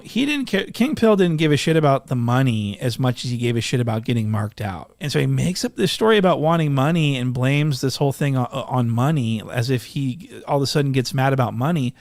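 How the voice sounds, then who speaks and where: A man's voice: medium pitch, darkish tone, no room sound, clean studio sound. Scornful man mocking someone over clips. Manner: scornful, insulting, deliberate. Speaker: commentator.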